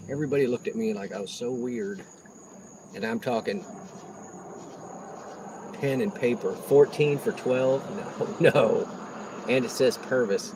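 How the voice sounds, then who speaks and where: A man's voice: mid-range voice, measured pace, pauses often, background noise. A man, rambling casually to viewers during a delivery livestream. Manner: rambling, chatty, talks to viewers. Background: faint crickets and insects.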